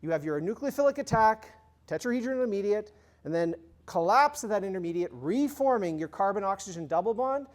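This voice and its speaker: A man's voice: high-pitched, lively intonation, brisk. A man giving a university chemistry lecture in a conversational way, quizzing the class with review questions and adding informal, humorous asides.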